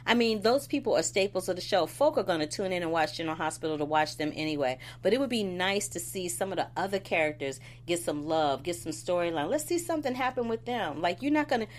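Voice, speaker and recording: A woman co-hosting a casual chat about a soap opera, animated and quick to laugh. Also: on the low side, a little hiss or hum. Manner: animated, laughs often, acts out quotes. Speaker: soap opera podcast co-host.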